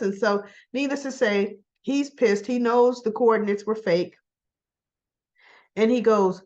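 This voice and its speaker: A woman's voice: on the high side, a little slow, darkish tone, highs cut off. A woman hosting a casual soap opera recap, chatting through the episode and acting out the characters' lines as she goes.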